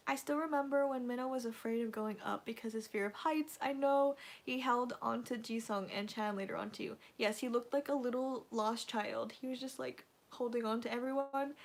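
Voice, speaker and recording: Female livestream host, a touch high-pitched; loose, filler-heavy, gushing fan chatter. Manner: rambling, gushing fan talk full of fillers. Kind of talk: casual livestream chat with viewers.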